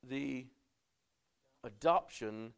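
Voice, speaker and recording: A man's voice: mid-range voice, drawn-out words, creaky, fairly bright tone, clear, resonant tone. A middle-aged man, a pastor preaching a conversational sermon and often checking in with "right?".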